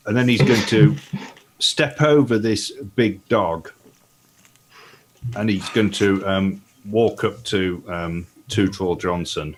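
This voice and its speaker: A man's voice: fairly low pitch, slow pace, a little hiss or hum. A man playing a tabletop game, describing his character's actions matter-of-factly. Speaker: player. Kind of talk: tabletop role-play.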